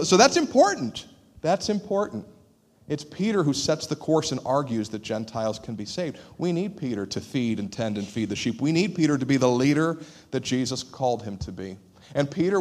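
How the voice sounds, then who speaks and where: A man preaching a sermon as pastor, in an animated, conversational way. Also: medium pitch. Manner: animated, conversational, acts out quoted voices.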